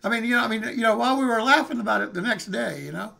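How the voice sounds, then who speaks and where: Folksy guy in his 60s, gravelly bright voice, rambling story time on stream. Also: very high-pitched, racing. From California, USA. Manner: folksy, rambling, calls listeners "man" and "hey". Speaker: live streamer. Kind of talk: casual storytelling.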